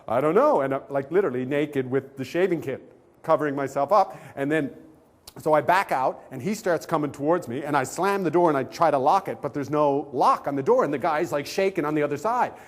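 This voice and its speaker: A man's voice: a little high, a little fast. A male comedian telling a comic anecdote on a talk show, acting out the voices of the people in it. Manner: animated storytelling, acting out quoted voices.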